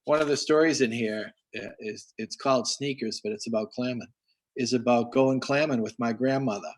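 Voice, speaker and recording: A man's voice: medium pitch, normal speed. A man hosting a casual video call, telling rambling stories to kids with lots of restarts. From Massachusetts. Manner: rambling storyteller, restarts often. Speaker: host.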